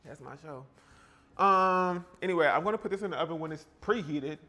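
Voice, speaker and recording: A man from South Carolina hosts a live-stream from his home kitchen, baking while chatting playfully with viewers and tossing out sassy exclamations in response to the chat. His voice is on the high side and sharp in tone, and he talks a little fast. A slight hiss or hum is audible.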